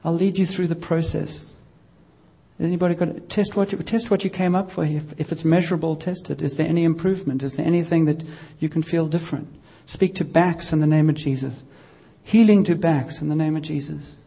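A man leading a casual church healing session, gently coaxing and joking with the congregation. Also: fairly high pitch, a little fast, vocal fry, hardly any pauses, breathy edge, highs cut off. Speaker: pastor leading healing prayer.

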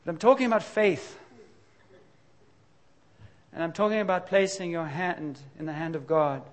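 A pastor, a middle-aged man with a voice a bit higher than most men's, preaches a sermon at a moderate pace. His tone is frank and confessional, shifting between relaxed conversation and sudden emphatic bursts.

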